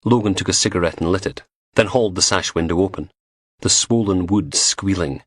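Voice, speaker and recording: A man narrating a crime audiobook in an expressive, vivid storytelling manner. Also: sits low, fairly quick, no echo, studio quality.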